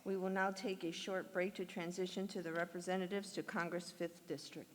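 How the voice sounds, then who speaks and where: A woman's voice: lowish voice, little pitch movement, brisk. A woman making brief formal announcements at a forum, heard from a distance. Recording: distant, long hall reverb.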